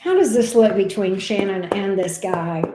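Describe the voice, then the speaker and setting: A woman's voice: mid-range voice, moderate pace, noisy background. A woman reading tarot on a casual livestream, sleepy and affectionate with her viewers. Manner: drawling and affectionate, sleepy, calls viewers love bug and honey. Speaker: tarot reader. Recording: roomy echo.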